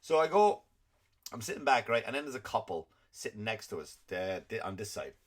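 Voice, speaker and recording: A man's voice: fairly low pitch, very animated, brisk. A man hosting a comedy podcast, ranting and swearing constantly in an exasperated, comic way. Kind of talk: profane comedic rant.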